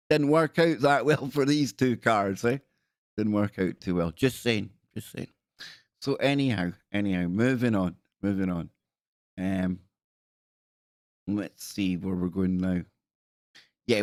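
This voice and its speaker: A man's voice: fairly low pitch, a little mellow, dry recording. Glaswegian man, live-stream host, jokey rambling chat, dry close sound. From Scotland. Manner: jokey and rambling, often breaking off mid-sentence.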